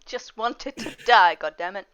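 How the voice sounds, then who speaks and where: A woman's voice: mid-range voice, unhurried, fairly bright tone. A woman playing in a tabletop game, chatting in a bubbly, playful way. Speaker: player. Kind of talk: casual chat at a game table.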